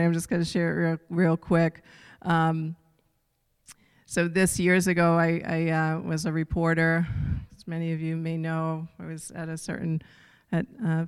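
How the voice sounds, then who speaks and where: A group leader shares a quick personal story in a loose, chatty way. The voice is very smooth and stays level. It carries a long reverb, as if in a large hall. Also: medium pitch. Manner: informal, with many fillers and small laughs. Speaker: group leader closing a meeting. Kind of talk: casual faith talk.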